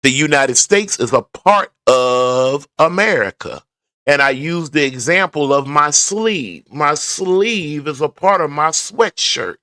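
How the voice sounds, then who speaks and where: Rambling through his thoughts, a male vlogger addresses viewers with casual commentary on his way to work, in a garage. The voice is a little high, expressive and slow, with a sharp tone. Studio-quality audio lacks any room sound.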